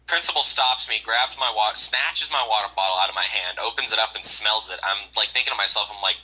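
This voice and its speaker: A man's voice: on the low side, fast, bright, forceful tone, husky, rough recording. A young man telling a rambling, profane story in casual chat, with lots of fillers. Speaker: storyteller on a call show.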